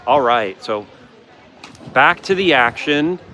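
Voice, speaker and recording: A man commentating a youth water polo game live from the stands, excitable, with chatty asides, hoarse from yelling. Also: mid-range voice, slow, slight background noise. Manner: excitable, shouts on big plays, chatty asides. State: coughing from yelling. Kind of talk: excited amateur play-by-play commentary.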